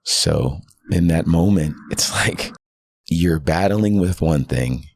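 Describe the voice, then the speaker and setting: Very deep, gravelly-voiced man. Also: animated, takes it slowly, a little mellow, dry recording. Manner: earnest, heartfelt storytelling. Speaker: guest pastor. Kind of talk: candid personal testimony.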